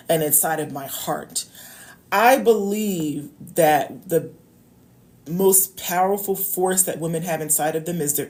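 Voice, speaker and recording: A woman coach speaks in a fairly low voice, with casual advice aimed straight at her viewers. She is chatty and personal, repeats her key points for emphasis and keeps checking in with "okay?". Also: a little mellow. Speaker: love coach. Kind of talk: casual direct-to-camera advice talk.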